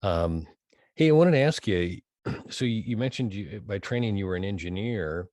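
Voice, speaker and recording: A man hosting an interview podcast, asking questions in a halting way with many fillers. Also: lowish voice, animated, darkish tone, dry recording, clean studio sound. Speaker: podcast host.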